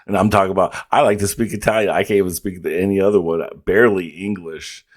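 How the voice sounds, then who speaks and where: A man's voice: low voice, fairly even intonation, fast talker. A man with a rural American accent, reacting to a comedy clip in a laid-back, rambling way. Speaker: reaction video host. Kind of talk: casual commentary.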